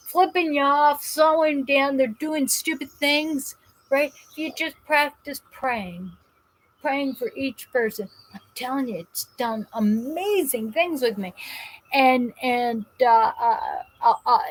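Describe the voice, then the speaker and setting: A talkative woman hosts a live show, reading viewer comments aloud and wandering through her stories. Her voice sits a little high, and she often restarts her sentences. She is speaking through pain. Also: poor audio. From New Jersey. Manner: rambling and animated, with frequent restarts. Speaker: host of a live call-in show.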